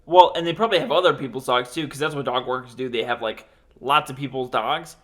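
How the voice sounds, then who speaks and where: A young man co-hosting a casual podcast, telling a story in a rambling, animated way with lots of fillers and swearing. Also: mid-range voice, fast. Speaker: podcast co-host. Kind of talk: casual chat.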